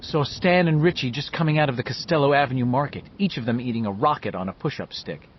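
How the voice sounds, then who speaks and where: A man reading a novel aloud as scripted narration, telling the story in a measured, lively way. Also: mid-range voice, muffled recording. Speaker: audiobook narrator.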